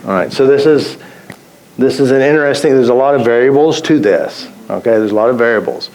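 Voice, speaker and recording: A man's voice: mid-range voice, fairly quick, darkish tone, slight background noise, low-quality recording. Storytelling man teaching a live seminar. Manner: storytelling, repeats phrases, acts out quotes. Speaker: tapping therapy teacher. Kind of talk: live seminar talk with stories.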